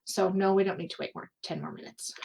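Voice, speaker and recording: A woman's voice: medium pitch, huge pitch swings, fast talker, vocal fry, darkish tone. A woman playing a tabletop game who speaks eagerly and describes her character in the third person. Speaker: player. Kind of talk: casual tabletop play.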